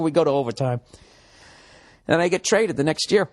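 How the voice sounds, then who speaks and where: A man in his forties hosting a comedy podcast from home, rambling in a profane, animated monologue and slipping into mocking voices. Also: a little high, a little fast, long pauses. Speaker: podcast host. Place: home room with window.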